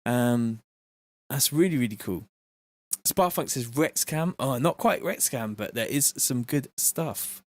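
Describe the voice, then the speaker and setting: A man's voice: mid-range voice, lively intonation, a little slow, no room sound. Chatty man. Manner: reads out chat messages, chatty, slangy. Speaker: music producer streaming live. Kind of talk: casual live-stream chat.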